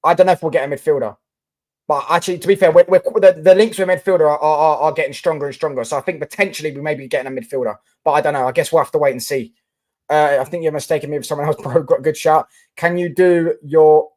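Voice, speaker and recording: A young man hosts a casual live stream, talking loosely and answering viewer comments as they come in. He speaks in a somewhat higher register, with frequent fillers and restarts. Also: fairly even intonation, quick pace, a little mellow.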